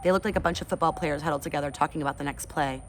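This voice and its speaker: A woman's voice: low voice, very fast, a little hiss or hum. A woman reading a chapter book aloud to her class, then chatting in a friendly way. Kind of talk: read-aloud storytelling.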